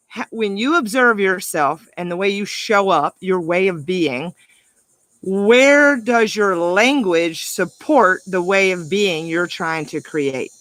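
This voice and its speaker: Middle-aged woman coach, upbeat motivational talk, bright tone, dry close mic. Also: medium pitch, dry recording. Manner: upbeat, animated, emphatic with laughs. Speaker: life coach.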